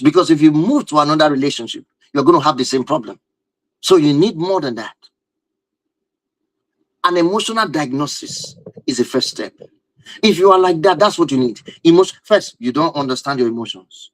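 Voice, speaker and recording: A man's voice: on the high side, lively intonation, fairly quick, no room sound, low-quality recording. A man giving a live-stream talk on relationships and marriage, emphatic and driving his points home with repeated rhetorical questions.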